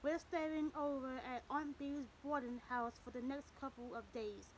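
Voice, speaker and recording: An easygoing young cowboy in an audiobook western, voiced by a woman reader. He speaks plainly in a folksy drawl, with a high-set voice. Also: steady tone, unhurried, slight background noise, low-quality recording.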